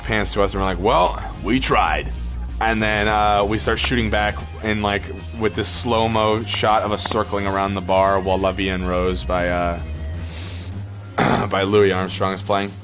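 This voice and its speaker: A man's voice: fairly low pitch, a bit bright. A man chatting casually over gameplay, rambling through a story with lots of fillers and laughs. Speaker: gaming channel host.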